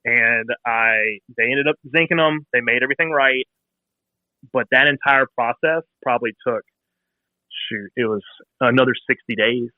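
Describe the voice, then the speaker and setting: A man in his thirties telling a long, animated story about a bike build in a casual interview, acting out phone calls in quoted voices. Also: mid-range voice, moderate pace, no echo. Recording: tinny phone-like sound.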